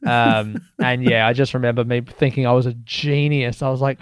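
A man's voice: mid-range voice, little pitch movement, normal speed, hardly any pauses, clear, resonant tone, no echo. A young male stand-up comedian chatting casually as an interview guest, candid and rambling, swearing freely and laughing often.

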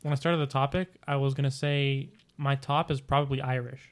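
A man's voice: medium pitch, flat delivery, brisk. A man hosting a podcast chat, eagerly steering the discussion and explaining his point. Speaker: podcast host steering the topic. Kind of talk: casual chat.

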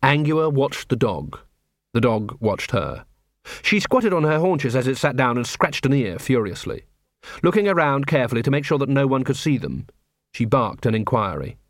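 A man narrates an audiobook from a script with a wry, expressive storytelling style. His voice is mid-range and his pace moderate, in a dry, studio-quality recording.

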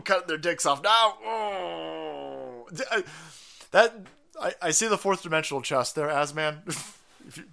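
A man hosting a livestream, ranting in a profane, sarcastic, mocking way with sudden loud outbursts. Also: on the high side. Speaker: livestream commentator. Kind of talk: profane political rant.

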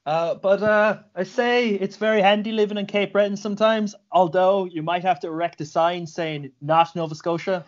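A man's voice: sits high, normal speed, few pauses, highs cut off. A man, a jiu-jitsu practitioner, chatting casually and telling stories with lots of swearing. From Ireland. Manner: animated, profane storyteller. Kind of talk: casual chat.

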